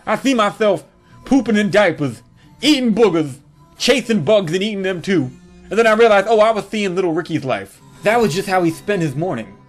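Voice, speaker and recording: A man's voice: high-pitched, lively intonation, fairly quick, faint music behind. A man telling a crude comedic story from his childhood, with a mocking, punchline-driven delivery.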